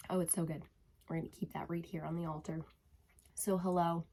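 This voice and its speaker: A woman's voice: lowish voice, little pitch movement, a little fast. A woman tarot reader chatting casually to her viewers, slightly out of breath, calling them her loves. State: a little out of breath. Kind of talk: casual spiritual chat to camera.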